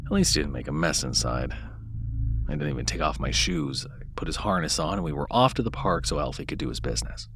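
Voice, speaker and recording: A man reading a first-person horror story aloud in a dramatic scripted narration, dropping to soft low murmurs and lifting louder at tense moments. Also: sing-song, fast talker, a little hiss or hum.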